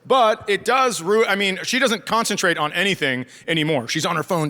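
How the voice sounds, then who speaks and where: Briskly and with few pauses, this stand-up comedian's high, lively voice delivers crude, sarcastic anecdotes about his family. He's a middle-aged man from rural Minnesota, performing onstage to a loudly laughing live audience.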